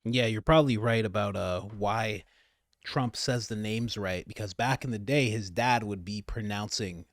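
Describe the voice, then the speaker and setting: Dude reacting to a press clip, sarcastic, drops to mutters then blurts out loud, dry close sound. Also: male voice, fairly low pitch, normal speed, no room sound. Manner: sarcastic, animated, jumps between mutters and outbursts. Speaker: commentary channel host.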